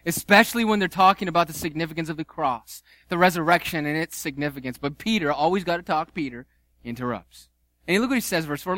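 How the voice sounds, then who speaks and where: A man delivers a sermon in an animated, conversational way, mixing earnest points with playful asides. His voice sits a little high for a man. The sound is dry and close, with no room echo. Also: a little fast. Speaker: pastor.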